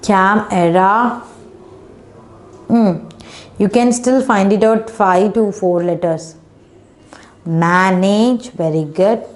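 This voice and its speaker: Brief: woman teacher, children's phonics lesson, patient, sounds out words slowly, non-native English phrasing. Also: medium pitch, darkish tone.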